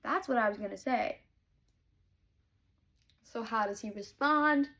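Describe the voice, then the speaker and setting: A woman's voice: a little high, a little slow, fairly bright tone. Gushing young woman chatting about a book. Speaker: book vlogger. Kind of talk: casual chat while reading aloud.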